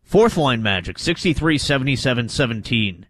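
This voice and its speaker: A man co-hosts a sports talk radio show on a studio mic in a dry, close sound. He argues his points with energy, and his voice jumps up high when something bugs him. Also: animated, normal speed, fairly bright tone, no echo. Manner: gets worked up, voice climbing when riled.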